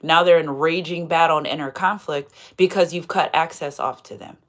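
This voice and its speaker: A woman doing a casual live tarot reading in an animated, playful way, with laughter and asides. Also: deep voice, moderate pace. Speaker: tarot reader.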